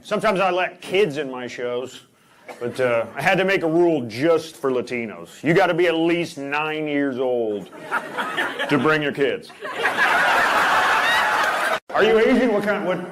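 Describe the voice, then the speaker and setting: A man's voice: on the high side, animated, normal speed. A man doing stand-up comedy with crowd work on stage, talking in a blunt, teasing and provocative way. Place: stage before a live audience. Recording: loud background noise.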